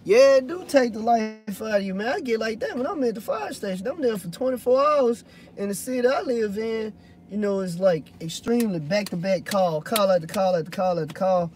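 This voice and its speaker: A man's voice: sits high, animated, brisk, a little mellow, slight background noise. A man, a hotshot truck driver chatting loosely to viewers in a rambling, swearing way. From Louisiana. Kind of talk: casual vlog chat answering viewers.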